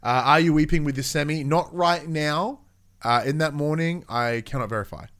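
Animated man hosting a gaming chat. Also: on the high side. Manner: animated, swearing, fast asides. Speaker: gaming podcast host. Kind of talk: casual chat.

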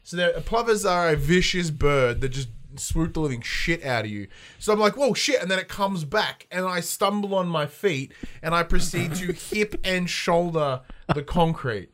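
An Australian man hosting a podcast from a home studio, telling stories in a casual, animated way and swearing freely. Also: a little high, normal speed. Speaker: podcast host. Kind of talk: casual chat. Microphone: headphones and studio mic.

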